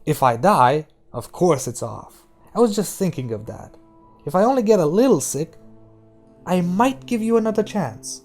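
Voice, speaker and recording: A man's voice: high-pitched, sing-song, moderate pace, a little mellow, faint music behind, pitched above the performer's own voice. A man voicing a tense young male heroin addict who talks bluntly and threateningly. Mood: menacing.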